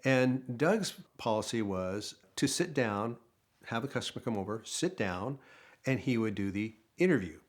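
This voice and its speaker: Older man telling a lively anecdote. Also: mid-range voice, normal speed. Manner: animated storytelling, acts out quoted dialogue. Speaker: guest storyteller, former car dealership manager. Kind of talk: casual anecdote.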